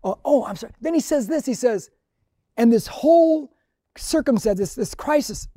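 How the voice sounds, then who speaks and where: A man's voice: extremely high pitch, animated, fairly quick, mellow, no room sound, studio quality. An older male pastor of Mexican heritage telling a story in a conversational, earnest sermon, acting out the dialogue.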